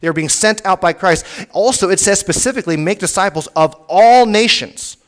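A man, a pastor, preaching a teaching sermon, repeating his points and pressing them with rising emphasis. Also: moderate pace. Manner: emphatic, rises in pitch and volume on key points.

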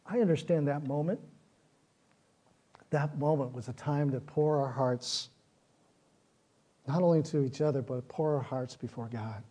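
Mellow-voiced man preaching a sermon. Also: mid-range voice, a little slow, pauses often. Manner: earnest, repetitive phrasing, rises in intensity. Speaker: pastor.

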